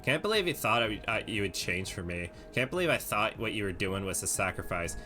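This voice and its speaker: A man putting on a low, hushed ghost woman. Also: very animated, fairly quick, faint music behind. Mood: bitter. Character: wounded, bitter female ghost in a dating sim.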